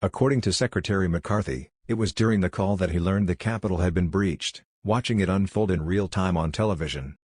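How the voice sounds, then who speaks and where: A man reading a government report aloud in a steady, measured way. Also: low voice, husky, no room sound. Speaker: report reader.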